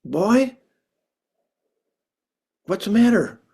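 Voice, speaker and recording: A man voicing a flamboyant, fiercely protective drag queen in a told story, loud and dramatic. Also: high voice, lively intonation, drawn-out words, creaky, slightly rough, pitched above the performer's own voice, full character voice. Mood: commanding. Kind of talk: acted dialogue in a told story.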